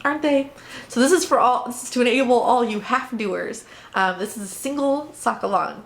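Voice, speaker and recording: A woman's voice: fairly high pitch, moderate pace, slight background noise. A woman hosting a knitting and spinning podcast, chatting casually and playfully as she shows her projects to viewers. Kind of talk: casual show-and-tell chat.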